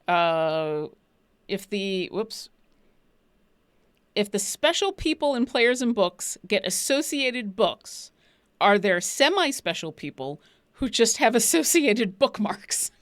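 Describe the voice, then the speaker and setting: A woman's voice: mid-range voice, big pitch swings, slow, no echo. A woman co-hosting a casual show chat, rambling with restarts and often giggling. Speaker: podcast co-host.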